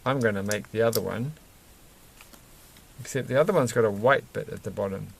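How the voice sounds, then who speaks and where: A man's voice: fairly low pitch, fairly quick, vocal fry, slight background noise. A man chatting casually and rambling while he builds a toy set, chuckling often and breaking off mid-sentence. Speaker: vlogger building Lego sets.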